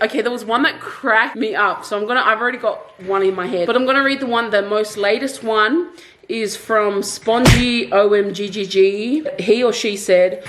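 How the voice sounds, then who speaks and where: A woman chatting casually in a home vlog, talking to her viewers in an excitable, giggly way. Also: a little high, normal speed. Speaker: vlogger.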